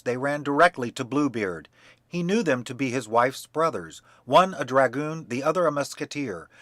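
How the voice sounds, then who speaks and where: Guy reading a kids fairy tale out loud, bright clear voice, dry close sound. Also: medium pitch, no echo. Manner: measured, expressive reading. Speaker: storyteller. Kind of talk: scripted narration of a fairy tale for children.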